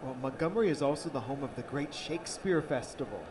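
A man's voice: medium pitch, animated, fast talker, recorded from a distance, crowd noise. A man doing color commentary on a baseball radio broadcast, chatty and teasing his partner.

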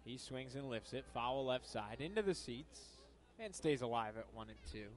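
Young man, from upstate New York, baseball play-by-play announcer, booth, mid-pitched voice, energetic on pitches. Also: normal speed. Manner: calls pitches with bursts of energy, chatty between plays. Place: broadcast booth at a ballpark.

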